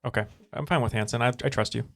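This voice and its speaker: A man co-hosting a trivia podcast in a studio, bantering with quick playful asides. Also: medium pitch, fairly even intonation, vocal fry, a bit bright, no room sound. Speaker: trivia podcast co-host and contestant. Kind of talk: jokey casual chat.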